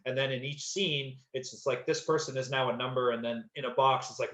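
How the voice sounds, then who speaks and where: A man's voice: medium pitch, steady tone, fairly quick, sharp tone. A man, an actor, casually telling a story in a rambling way, with many fillers and restarts. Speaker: actor, podcast guest. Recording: slightly dull echoey room sound.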